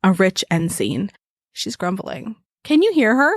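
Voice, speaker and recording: A woman's voice: medium pitch, very animated, measured pace, no echo, studio quality. A woman co-hosting a podcast in casual, rambling, giggly banter with frequent swearing, speaking into a desk mic at home. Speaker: podcast co-host. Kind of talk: casual chat. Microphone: desk mic on stand.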